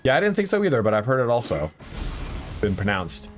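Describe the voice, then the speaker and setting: A man of medium pitch, his intonation swooping wildly, talks fairly quickly while streaming a video game. He chats casually with his audience and lets out swears when he gets beaten, with faint game music in the background.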